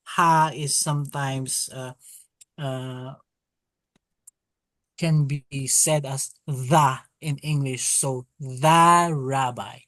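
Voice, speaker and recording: A low-pitched woman leads an online Hebrew class, speaking very slowly and carefully as she drills syllables aloud. Her voice is dry, with hardly any room sound, over a video call. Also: steady tone, a bit bright, no room sound. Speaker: Hebrew teacher. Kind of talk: online language lesson.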